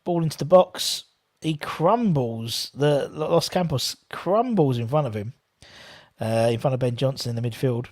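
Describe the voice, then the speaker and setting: Man, watchalong host, rambling, chatty, mid pitch, reads comments aloud. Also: animated, measured pace. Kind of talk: live football watchalong commentary.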